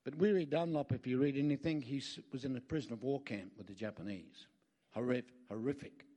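A middle-aged Australian pastor with a medium-pitched voice preaches a sermon a little fast. He tells stories in a lively way, sprinkling in jokes and asides to the congregation.

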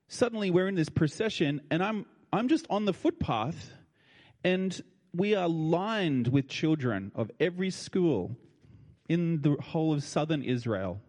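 A man's voice: a little high, lively intonation, unhurried, a little mellow. An older man with an Australian accent telling a heartfelt personal story to an audience in a colloquial, emotional way. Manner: colloquial and heartfelt, with feeling in his voice. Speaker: speaker addressing an audience. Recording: long reverb of a large hall.

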